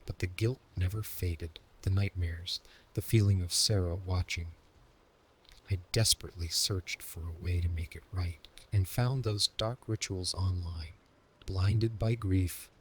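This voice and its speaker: A man telling a first-person horror story as scripted narration, in a steady, even way. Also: sits low, slow pace, husky.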